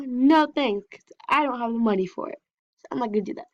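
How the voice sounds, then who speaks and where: A young woman gives casual, chatty commentary while she plays an online game. Her voice sits high and bright. The recording is dull and a bit lo-fi. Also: quick pace. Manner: chatty, reads game text aloud. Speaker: gameplay vlogger. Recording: dull lo-fi sound.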